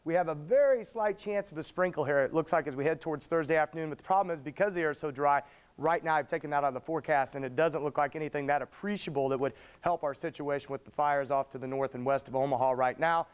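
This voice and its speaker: A man delivering a live TV weather forecast as chief meteorologist, in brisk, upbeat forecaster patter. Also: on the high side, clear, resonant tone.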